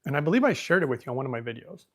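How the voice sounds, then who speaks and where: A man's voice: medium pitch, sing-song, racing. Rambling male podcast host storytelling. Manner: rambling, thinks out loud, becomes emotional. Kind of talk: casual storytelling monologue.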